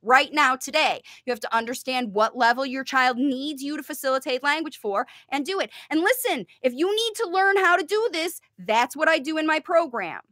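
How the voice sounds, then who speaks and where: Speaking in a high, expressive, slightly bright voice at normal speed and with few pauses, this speech-facilitation parent coach fields viewers' questions. She teaches with emphasis and models sing-song talk for parents helping kids learn to speak. The sound is clean studio quality without room sound.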